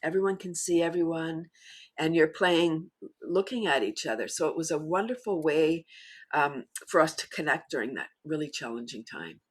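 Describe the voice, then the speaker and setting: A woman's voice: moderate pace, breathy edge. A woman guest in a casual interview, talking enthusiastically and laughing often as she explains. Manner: animated storyteller, bursts higher and louder when excited. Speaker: guest, laughter yoga teacher.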